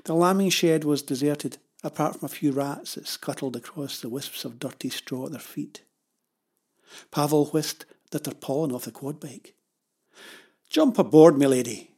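Storybook narrator, husky tone, measured and steady delivery. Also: medium pitch. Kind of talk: children's story reading.

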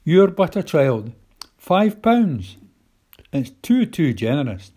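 A man's voice: on the high side, big pitch swings, slow pace, dark tone, slightly rough, heavily acted. A man voicing a proud, courteous old male tramp who speaks in a posh, formal way.

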